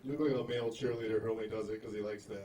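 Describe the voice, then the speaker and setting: A man firing off roast jokes on stage with dry, quick jabs. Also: on the low side, fairly even intonation, mellow. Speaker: roast battle competitor. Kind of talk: roast comedy. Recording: distant mic in a noisy club.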